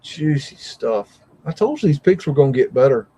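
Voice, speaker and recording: A man's voice: medium pitch, very animated, moderate pace, mellow, slightly rough, rough recording. Awestruck man reacting live, cursing. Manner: exclamatory, frequent mild swearing, thinking aloud; rambling, easily amazed. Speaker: host of a live stream.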